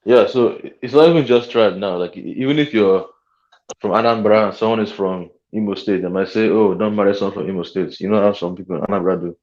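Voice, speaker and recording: Lowish male voice, dull lo-fi call audio, quick asides in panel chat. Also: darkish tone. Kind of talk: casual discussion.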